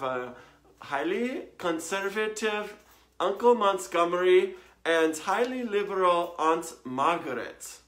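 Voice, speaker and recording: A woman's voice: deep voice, a bit bright, pitched below the performer's own voice. A woman putting on a theatrical foreign hostess who drawls and calls everyone darling, in an echoey home room. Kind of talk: home comedy show hosting.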